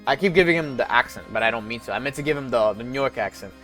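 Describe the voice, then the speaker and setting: A man's voice: mid-range voice, lively intonation, very fast, few pauses, a bit bright, faint music behind. A man streaming a game, chatting casually with laughing asides. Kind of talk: casual chat while playing.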